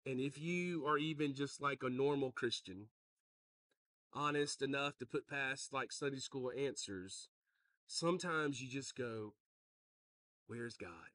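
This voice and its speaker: A pastor preaching a sermon, joking with the congregation and calling out to them. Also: male voice, medium pitch, measured pace, no room sound, recorded from a distance. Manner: joking, animated, calls out to the congregation.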